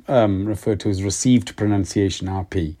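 A man's voice: fairly low pitch, steady tone, normal speed, mellow. Reflective Welsh man, hesitant restarts. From Wales. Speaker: actor guest. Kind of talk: interview conversation.

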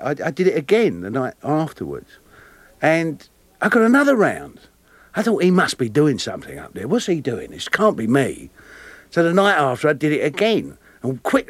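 A man with a Cockney accent, a guest actor telling lively anecdotes with frequent laughter. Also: on the high side, no echo. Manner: animated, laughing often, plays voices in his stories. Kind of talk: storytelling interview anecdotes.

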